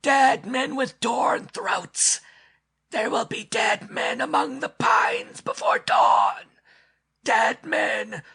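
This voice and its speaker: A man voicing an inhuman beast-voice in the woods that chants about death in a high, half-whispered shriek. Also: very animated, slow pace, vocal fry, sharp tone, breathy edge, heavily acted. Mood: gloating.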